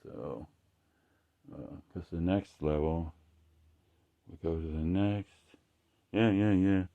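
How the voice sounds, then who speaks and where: Rambling, foul-mouthed man with a low voice. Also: vocal fry, narrow, tinny audio. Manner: profane, rambling, halting restarts. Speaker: artist showing his work. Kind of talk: rambling casual monologue.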